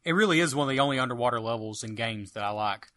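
Bright-voiced enthusiastic man. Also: mid-range voice, animated, very fast, no room sound. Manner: enthusiastic, rambling with fillers. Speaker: podcast co-host. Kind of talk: casual chat about retro games. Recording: dry close mic.

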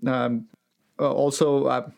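A man hosting a podcast interview, speaking in a measured, halting way as he searches for words. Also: mid-range voice, level tone, creaky, a little mellow. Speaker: podcast host.

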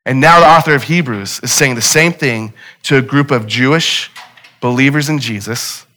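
Bright-voiced male pastor preaching. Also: medium pitch. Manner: conversational, emphatic repetition. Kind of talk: sermon.

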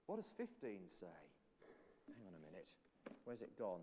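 A man's voice: on the low side, wildly swooping pitch, normal speed, mellow, slight background noise. A man preaching a sermon with a playful children's object lesson, acting out the voices of doubters. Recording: long echoey hall reverb.

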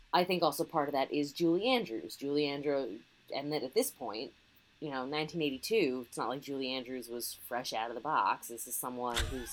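A woman with a strikingly low voice talks casually on a podcast. She is chatty and laughs easily, often breaking into quick impressions of lines from a film. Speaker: podcast co-host. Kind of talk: casual film-review chat.

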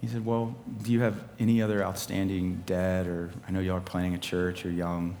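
Animated preaching man in a reverberant hall. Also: low voice, fairly quick, slight background noise. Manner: animated, laughing, swinging from loud preaching to quiet storytelling. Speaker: pastor. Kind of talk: sermon with personal story. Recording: live hall with long reverb and faint ambience.

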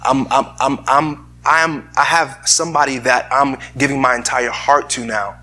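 Male pastor, husky and bright-toned, earnest sermon delivery with frequent restarts. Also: mid-range voice, steady tone, normal speed. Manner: earnest, repeats words while searching for phrasing. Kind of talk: sermon with scripture reading.

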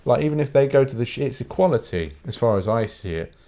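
Fast, expressive, and mid-range with a dark quality, this British podcast host's voice carries a casual solo rant. He's blunt and foul-mouthed, rambles, and keeps restarting.

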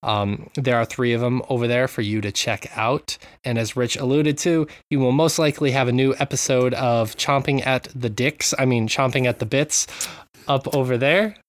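A man hosting a laid-back podcast, cracking crude jokes and then turning mock-earnest when he thanks supporters. His voice sits mid-pitch, recorded dry and close with no room sound. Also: fairly even intonation, moderate pace, no room sound. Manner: joking, reads sponsor thanks with mock sincerity. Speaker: podcast host. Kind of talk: casual podcast chat.

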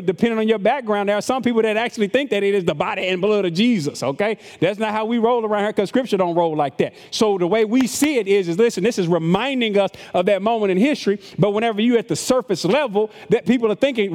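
A man's voice: high voice, darkish tone, long reverb tail. A middle-aged man pastor preaching a conversational sermon to his congregation, repeating words and acting out the voices of critics. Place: church sanctuary with long reverb.

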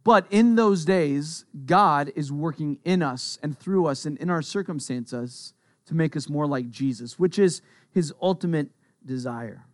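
Middle-aged pastor preaching, higher voice. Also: male voice, a little slow, dry recording, studio quality. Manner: conversational preaching, repeats key phrases. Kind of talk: sermon.

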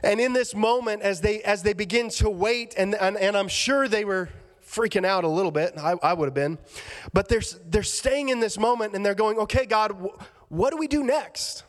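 A man's voice: sits high, normal speed. A man preaching a sermon as a church pastor, earnest and conversational, often restarting his sentences with repeated words.

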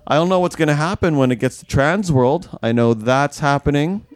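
A man's voice: on the high side, animated, moderate pace. A man co-hosting a podcast in casual chat, rambling and easygoing, often poking fun at himself. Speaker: podcast co-host.

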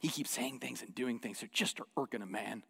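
A man preaching a sermon, animated, dropping to hushed asides and rising to loud acted quotes. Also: mid-range voice, brisk, vocal fry, husky. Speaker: pastor. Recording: long hall reverb.

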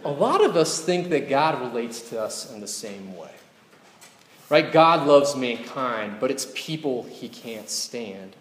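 A man preaching in an easy, conversational way, with his voice at a middling pitch. He keeps checking in with the congregation through rhetorical questions. His words ring through a roomy hall with a long, lingering reverb. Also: very animated, measured pace, slight background noise. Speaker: pastor. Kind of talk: sermon.

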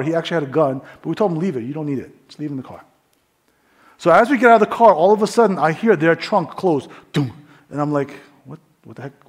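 A middle-aged man from New York tells his story as a sermon testimony, often dropping to quiet asides. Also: fairly high pitch, husky.

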